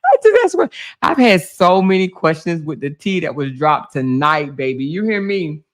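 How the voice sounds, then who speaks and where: A woman with laryngitis hosting a casual livestream, talking loudly to her viewers, full of laughs and exclamations. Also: sits low, normal speed. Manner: loud, laughing, animated, talking to chat as "y'all". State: hoarse with laryngitis. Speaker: livestream host.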